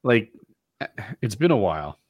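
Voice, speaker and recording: A man with a low voice that rises and falls a lot, talking earnestly in a relaxed chat among friends. The recording is close and dry. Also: unhurried, husky, dry recording, dull audio. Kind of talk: casual podcast chat.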